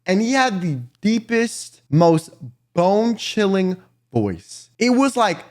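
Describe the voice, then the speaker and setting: A man telling a storytime vlog story in an animated way, swearing often. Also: sits high, slow pace. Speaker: vlogger.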